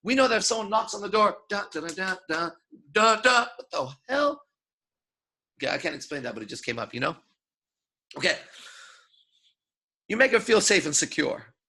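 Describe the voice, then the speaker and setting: A man's voice: high-pitched, sing-song, normal speed, creaky, pauses often, bright, forceful tone, slightly rough. A man giving a live lecture as a seduction coach, profane and playful, acting out his examples.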